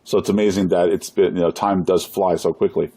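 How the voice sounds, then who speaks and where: A man's voice: sits low, steady tone, brisk, mellow, slightly rough. A man hosting a casual live-stream interview, upbeat, asking questions and urging viewers to share. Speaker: live show host.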